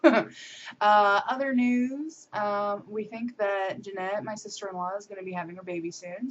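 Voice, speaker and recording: A woman's voice: lowish voice, slight background noise. A young American woman giving a casual video diary update, talking in a chatty, upbeat way with frequent ums and little laughs. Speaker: vlogger. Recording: muffled lo-fi camera audio.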